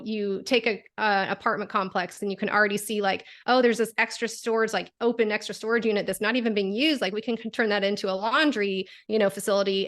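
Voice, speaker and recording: A woman's voice: medium pitch, a bit bright. A woman guest on a podcast, talking casually with many fillers and restarts. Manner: chatty, uses many fillers. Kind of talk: casual interview chat.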